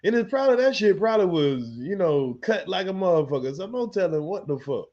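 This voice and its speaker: High-pitched male host, profane and laughing, dull lo-fi recording. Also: very animated, fairly quick, a little mellow. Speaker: commentary channel host. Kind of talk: casual news commentary.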